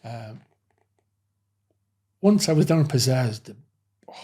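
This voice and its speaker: Brief: middle-aged man, ex-doorman guest, dark husky voice, loose rambling storyteller. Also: mid-range voice, expressive, slow. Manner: rambling anecdotal telling, frequent "you know". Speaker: former nightclub head doorman, guest. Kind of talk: casual interview storytelling.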